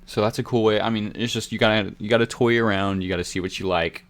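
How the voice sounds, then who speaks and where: Deep-voiced young man explaining software. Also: quick pace. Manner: relaxed, rambling, self-deprecating. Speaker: music software tutorial host. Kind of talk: casual screen-recorded tutorial. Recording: faint music from the software behind. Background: faint music track.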